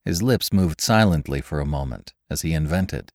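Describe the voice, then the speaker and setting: A man narrating a classic novel aloud in an expressive, lively reading. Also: a bass voice, normal speed, dry recording, studio quality. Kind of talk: scripted audiobook narration.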